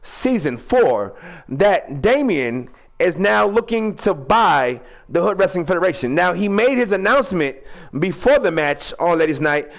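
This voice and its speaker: A man with a high, gravelly voice hosts a fan-made wrestling show in loose, rambling chat. His pitch swings widely, and he draws out booming ring-announcer calls. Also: sing-song, a little slow. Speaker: host of a fan video-game wrestling show. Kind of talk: casual hosted recap with announcer flourishes.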